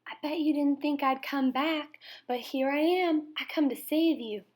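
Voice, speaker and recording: A woman voicing a shy, kind farm boy in a storybook read-aloud, speaking softly and plainly. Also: high-pitched, takes it slowly, pitched above the performer's own voice. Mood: gentle.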